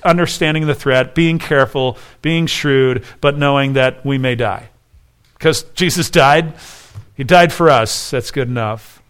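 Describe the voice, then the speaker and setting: A man's voice: mid-range voice, fairly bright tone, clear, resonant tone. A man preaching a sermon as pastor, earnest and conversational, often restarting his phrases.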